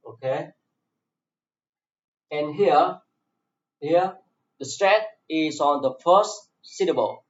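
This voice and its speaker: Male English teacher with a Vietnamese accent, a bit high-pitched, drilling words slowly and repeating them; dull lo-fi sound in an echoey room. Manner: slow and repetitive, saying each word several times. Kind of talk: slow classroom explanation.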